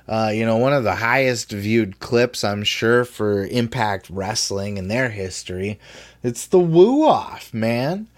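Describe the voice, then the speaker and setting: A man hosting a wrestling podcast, talking in a blunt, profane, animated way. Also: medium pitch. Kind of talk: casual opinionated commentary.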